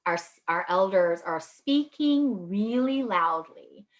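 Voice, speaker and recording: A woman speaks to a group about handling hard conversations, in a relaxed and reassuring way. Her voice sits at a middle pitch. She often ends points with "right?" and briefly acts out what people might say. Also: slow, highs cut off. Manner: acts out short quoted lines with lifts in pitch. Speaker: speaker giving advice. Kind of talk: presentation to a group.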